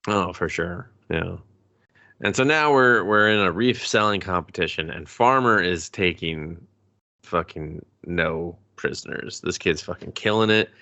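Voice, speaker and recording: Man, casual movie chat, low-ish pitch, bright forceful tone, animated retelling. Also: a little slow, dull audio. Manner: animated retelling with voiced quotes, swearing, laughing. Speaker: podcast co-host.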